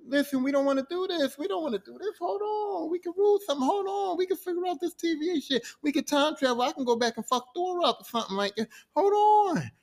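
A man's voice: very high-pitched, lively intonation, fast, hardly any pauses, pitched above the performer's own voice. A man voicing a scheming male trickster god who pleads in a frantic, rambling way. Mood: pleading.

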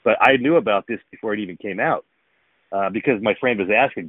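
Male co-host, low voice, loose rambling chat, dry close sound. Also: fast talker, breathy edge, no echo. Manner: rambling, many fillers and restarts. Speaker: podcast co-host, former pro baseball player. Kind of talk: casual chat. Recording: phone-like narrow sound.

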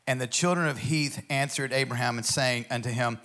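A man, a pastor, teaching a Bible study in an enthusiastic, conversational way, reading verses aloud and commenting between them and often clearing his throat. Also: mid-range voice, brisk, few pauses, bright, forceful tone.

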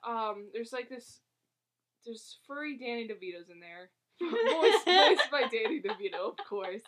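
A woman's voice: a little high, fairly bright tone. A woman casually recapping a movie plot for a co-host, rambling and giggling, with lots of fillers and restarts. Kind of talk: casual chat.

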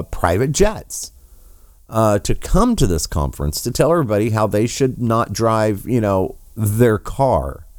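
Sarcastic ranting man, very lively pitch. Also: clean tone, no echo, clean studio sound. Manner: sarcastic, mocking, swears freely. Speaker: political commentator. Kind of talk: ranting commentary.

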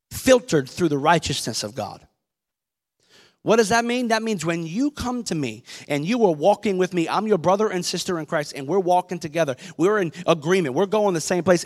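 A man's voice: high-pitched, long reverb tail. A man in his thirties, a pastor, preaching a conversational sermon, quoting scripture and asking the congregation questions. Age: 30s. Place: church sanctuary.

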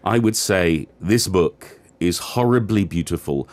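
A man's voice: low voice, expressive, a little slow. A man hosting a casual book chat, earnest and enthusiastic, with plenty of ums. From United Kingdom. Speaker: podcast host reviewing a book. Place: lives in Korea.

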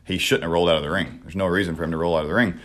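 A man's voice: deep voice, rapid-fire. A young man co-hosting a podcast, telling a story casually with lots of swearing. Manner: profane, animated storytelling. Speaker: podcast co-host and wrestler.

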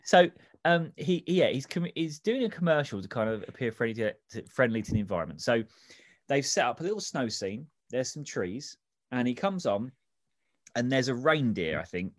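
Animated man chatting about films. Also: medium pitch, normal speed, no room sound. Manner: animated, acts out scenes in quoted voices. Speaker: film podcast co-host. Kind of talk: casual film discussion.

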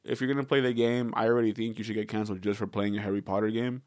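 A man's voice: fairly low pitch, fairly even intonation, very fast, a little mellow, dry recording, clean studio sound. Rambling, profane man in casual chat. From Southern California. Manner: rambling, profane, laughs often.

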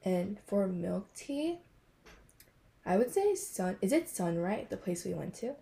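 Teen girl podcast co-host, unhurried and halting, casual chat. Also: medium pitch, sing-song, gravelly, dark tone. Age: teens. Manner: slow, hesitant, many fillers and giggles.

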